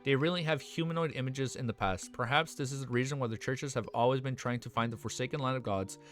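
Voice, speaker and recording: A man's voice: mid-range voice, fast, slight background noise, natural voice. A man reading aloud the inner musings of a thoughtful adult man.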